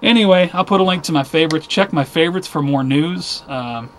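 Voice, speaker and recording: A man's voice: on the high side, a little fast, slight background noise. A man hosting a casual weekly news video, rambling and restarting as he rants about the stories. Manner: rambling, restarts, easily worked up.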